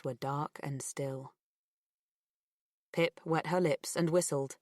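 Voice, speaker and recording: A woman narrating an audiobook thriller in a measured, expressive reading. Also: low-pitched, no echo, studio quality. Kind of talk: scripted narration.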